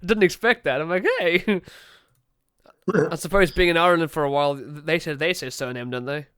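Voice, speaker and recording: A South African man hosts a laid-back podcast chat. His voice is smooth and a touch high, recorded close and dry. He rambles cheerfully, swears freely and laughs at his own asides. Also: moderate pace, a bit bright, no room sound. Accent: South African English. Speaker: podcast host.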